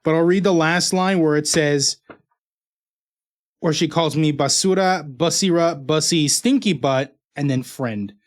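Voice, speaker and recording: A man's voice: a little high, unhurried. A male streamer casually chatting with his viewers and his dog while opening fan mail. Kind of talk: casual live-stream chat.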